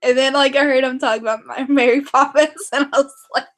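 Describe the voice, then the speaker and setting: A young woman vlogging casually to camera, rambling and excitable, with many fillers and restarts. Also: high-pitched, a little fast.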